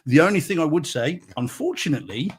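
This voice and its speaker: A man's voice: a little high, very animated, fast talker, breathy edge. A man co-hosting a casual chat show who is easygoing and laughs often. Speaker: co-host.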